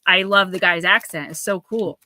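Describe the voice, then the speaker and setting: A woman hosting a live stream, chatting in a rambling, animated way and reading oracle cards aloud. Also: mid-range voice, moderate pace. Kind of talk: casual live-stream chat and card reading.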